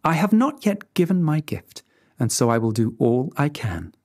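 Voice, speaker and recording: A storybook reader voicing a kind young female fairy who speaks softly and gently. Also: mid-range voice, very animated, moderate pace, dry recording, studio quality, voice pushed up. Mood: reassuring. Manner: soft, gentle.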